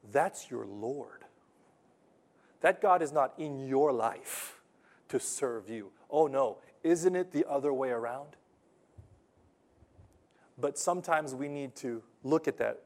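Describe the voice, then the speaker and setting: A man preaching a sermon, telling a story with lively swings between loud, punchy lines and hushed, earnest ones. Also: mid-range voice. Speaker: pastor.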